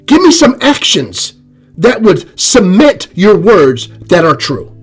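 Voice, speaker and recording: A man preaching a sermon, emphatic and repetitive, swinging from loud rises to soft drops. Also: high voice, sing-song, takes it slowly, slightly rough, soft background music.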